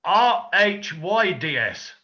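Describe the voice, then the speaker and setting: A man's voice: high voice, big pitch swings, takes it slowly, sharp tone. A man guiding a cooking session on a live stream, teasing and joking as he talks through each step. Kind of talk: casual live-stream chat. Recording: lo-fi video call audio.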